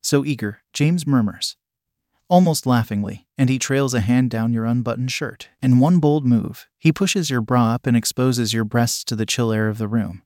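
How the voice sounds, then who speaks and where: A man narrating a second-person adult audio story in a soft, intimate way. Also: mid-range voice, normal speed, no room sound, studio quality.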